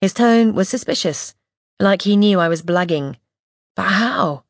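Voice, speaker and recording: A woman reading a first-person audiobook in a measured, wry, observant way, close to the mic. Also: medium pitch, animated, vocal fry, dry recording. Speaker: audiobook narrator.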